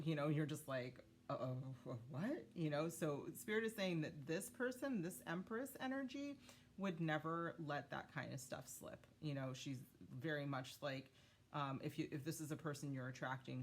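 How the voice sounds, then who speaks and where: A woman with a low, deep voice gives a casual tarot reading, talking straight to her viewers. She is chatty and loose, full of ums, and stops now and then to thank her spirit guides. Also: slight background noise. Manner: chatty, many fillers, talks to spirit guides. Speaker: tarot reader.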